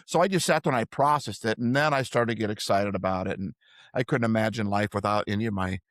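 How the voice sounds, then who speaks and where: Older man with a low, earnest voice. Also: quick pace, a bit bright, dry recording, clean studio sound. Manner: reflective, earnest storytelling. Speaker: podcast co-host. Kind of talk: casual chat.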